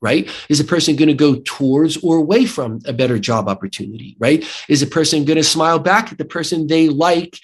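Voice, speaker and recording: A man's voice: fairly high pitch, fairly quick, few pauses, husky. An American man speaking as a guest in an interview, explaining his book and clinic while often restarting and checking in with "right?". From United States. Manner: animated, thinks aloud with repeated restarts and tag "right?". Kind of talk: conversational interview.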